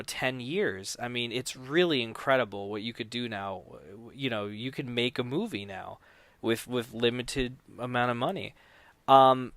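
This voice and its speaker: A man's voice: mid-range voice, no room sound. A man talking casually on a podcast about making no-budget films, rambling with many restarts and acting out quoted dialogue. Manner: acts out quoted dialogue loudly. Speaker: podcast guest, no-budget filmmaker.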